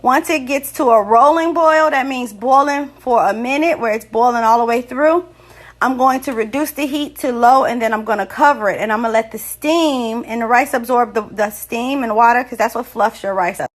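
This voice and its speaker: A woman hosting a casual home cooking lesson, chatting through each step in a relaxed way. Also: fairly high pitch, normal speed. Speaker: cooking show host. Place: home kitchen.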